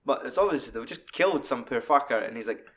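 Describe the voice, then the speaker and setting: A man's voice: medium pitch, expressive, fast talker, fairly bright tone. A man, co-hosting a casual film discussion, rambling and swearing a lot. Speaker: podcast co-host.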